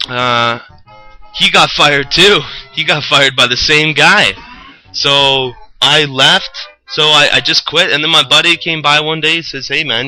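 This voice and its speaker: Young man, casual storytelling, rambling and swearing, sharp bright tone, faint music behind. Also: mid-range voice, low-quality recording. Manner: rambling, profane, animated retelling. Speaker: roofer telling a story.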